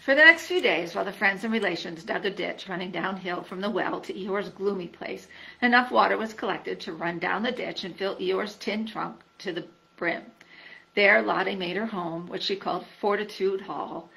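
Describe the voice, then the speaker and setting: A woman reading a children's storybook aloud in an expressive storytelling manner. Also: mid-range voice, normal speed, creaky, poor audio. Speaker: storybook reader.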